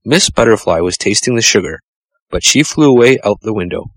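A man reads a children's storybook aloud in a measured, gentle way. His voice sits low and even. The recording is close and dry, with no room sound. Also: dry recording, low-quality recording. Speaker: narrator. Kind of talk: storybook reading.

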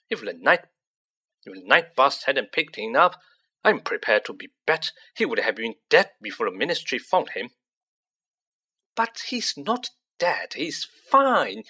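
Reader doing a worried dad arguing his case, heated but kind, lively swings in pitch. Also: breathy edge, exaggerated voice. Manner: heated and earnest.

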